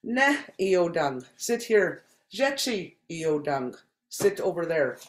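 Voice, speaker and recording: Patient language teacher from Saskatchewan, mid-pitched, very slow delivery, roomy echo. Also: sing-song. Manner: repeats each word slowly and deliberately, patient explaining. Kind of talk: slow spoken language lesson.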